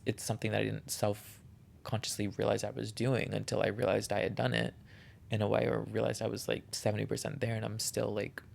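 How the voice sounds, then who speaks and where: Earnest man with a gravelly voice. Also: lowish voice, darkish tone. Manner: earnest, heartfelt, encouraging. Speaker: podcast host. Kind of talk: reflective solo podcast monologue.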